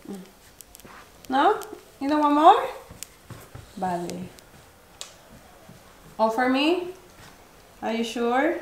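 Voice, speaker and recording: A Filipino woman in her thirties talks in a high, sing-song voice, coaxing her baby with playful baby talk. She takes her time between phrases. The room has a noticeable echo with a faint hiss behind it. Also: very animated, very slow, long pauses. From Philippines. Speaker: vlogger and mother. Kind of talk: casual family vlog. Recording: roomy home room, faint noise.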